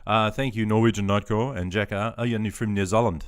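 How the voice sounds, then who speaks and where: A man's voice: on the low side, fairly even intonation, fairly quick, smooth. An Australian man in his fifties, chatting in a rambling, self-deprecating way while reading out chat on a gaming live stream. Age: 50s.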